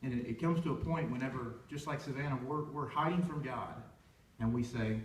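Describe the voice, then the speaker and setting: A man's voice: mid-range voice, a little fast. A young man, a worship leader, telling a heartfelt personal story in a rambling way with many restarts. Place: church sanctuary. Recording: echoey church room from far off.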